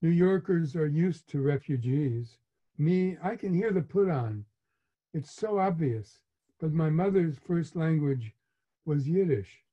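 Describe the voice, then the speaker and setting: A man in his eighties, an author reading his memoir aloud in a measured, reflective way. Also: on the high side, lively intonation, breathy edge. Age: 80s. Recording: muffled lo-fi recording.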